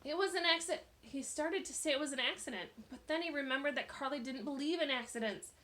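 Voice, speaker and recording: Bright expressive woman reading aloud. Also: high voice, fast talker. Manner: lively, expressive storytelling. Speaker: narrator.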